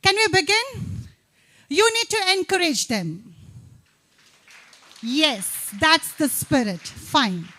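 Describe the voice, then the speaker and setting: A woman emceeing a campus event, upbeat and coaxing, rattling off tongue twisters quickly. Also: high-pitched, expressive, bright, forceful tone. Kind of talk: lively stage hosting.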